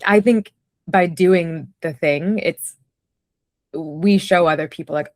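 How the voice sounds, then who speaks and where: A woman's voice: deep voice, moderate pace, no echo, studio quality. A woman telling personal stories in a casual conversation, reflective and chatty, with many fillers. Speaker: podcast guest, writer.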